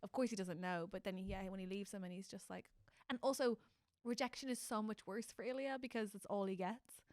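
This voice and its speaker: A woman co-hosting a casual comedy podcast, talking with animated emotion. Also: medium pitch, fairly quick, dry recording, studio quality. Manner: animated, emotional, acts out characters' lines. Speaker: podcast co-host.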